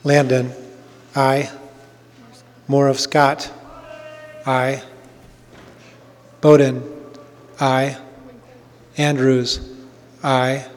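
A man presiding over a state house session, calling votes and motions in flat, measured, formulaic phrases. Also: mid-range voice. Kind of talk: formal parliamentary procedure. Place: legislative chamber. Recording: long reverb of a large chamber.

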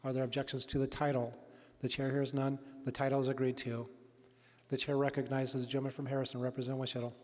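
A man presiding over a state legislative floor session, calling motions and votes in a steady, rote manner. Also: mid-range voice, fast talker. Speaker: presiding speaker of a state house. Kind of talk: formal procedural chairing. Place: legislative chamber. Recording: echoey hall from a chamber mic.

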